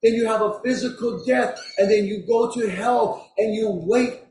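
Man, preacher, sermon, high voice, slow delivery, echoey room, distant mic. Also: steady tone, a little mellow, a little hiss or hum. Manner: storytelling preacher, slow and deliberate. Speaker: pastor.

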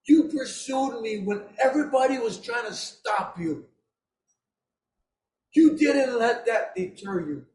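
A preacher voicing a gentle, tender male healer in a soft, quiet voice. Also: very high-pitched, extremely slow, pauses often, full character voice. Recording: roomy echo.

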